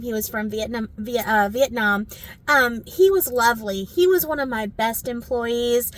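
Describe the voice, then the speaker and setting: A middle-aged woman telling a story from her days as a restaurant owner, animated and laughing as she acts out the quotes. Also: high-pitched. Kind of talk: casual storytelling to camera.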